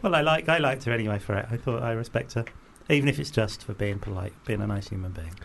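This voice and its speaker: A man's voice: lowish voice, fast, vocal fry, slight background noise. A man telling chatty anecdotes in a casual podcast conversation, acting out little voices as he goes. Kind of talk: casual chat.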